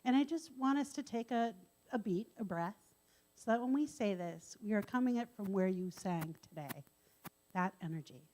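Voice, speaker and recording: A woman's voice: medium pitch, expressive, normal speed, mellow. A woman giving an enthusiastic talk to a church congregation, calling out to the listeners. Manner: enthusiastic, calls out to the congregation, emphatic. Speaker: service speaker. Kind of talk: sermon-style talk to congregation. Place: church sanctuary.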